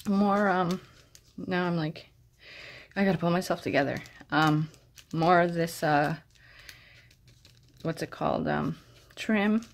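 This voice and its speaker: A woman vlogger casually chatting as she unboxes craft mail, gushing with gasps of delight and talking softly to her friend. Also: fairly low pitch, slow, creaky, long pauses, a little hiss or hum. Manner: soft-spoken, addresses her friend directly.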